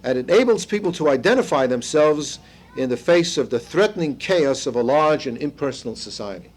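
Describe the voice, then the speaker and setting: A man's voice: on the high side, lively intonation, brisk. An older man leading a seminar in a conversational lecture style. He tells stories, drops in asides and "you see", and quizzes the group. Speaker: seminar leader.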